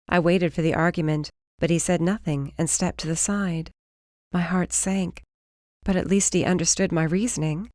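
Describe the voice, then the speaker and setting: A woman giving steady first-person narration of a fantasy audiobook. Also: fairly low pitch, moderate pace, no room sound, studio quality.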